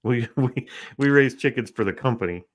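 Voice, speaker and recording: A man's voice: mid-range voice, normal speed. A man co-hosting a podcast in casual chat, making dry, joking quips. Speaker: podcast co-host.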